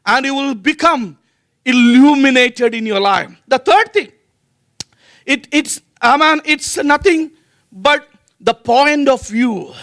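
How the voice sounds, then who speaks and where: A man's voice: very high voice, slow, a bit bright. A male pastor preaching a sermon earnestly, with frequent fillers and restarts.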